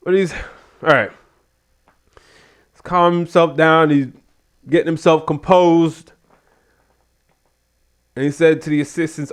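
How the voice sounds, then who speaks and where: A man's voice: on the high side, measured pace, long pauses. A man giving a casual spoken review of a wrestling show, animatedly retelling what happened. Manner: animated retelling, acts out quotes.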